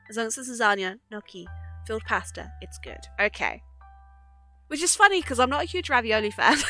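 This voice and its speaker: A woman's voice: on the high side, pushed and bright. A young woman chatting casually with her live-stream viewers, giggling often and swearing freely at a desk mic.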